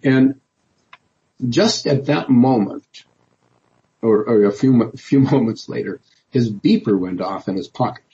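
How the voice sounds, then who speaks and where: A man's voice: mid-range voice, measured pace, long pauses, warm tone, husky, lo-fi sound. A man, a politician guest in an interview, telling his story in a rambling way with many restarts and fillers. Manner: rambling, many restarts and "you know", laughs often.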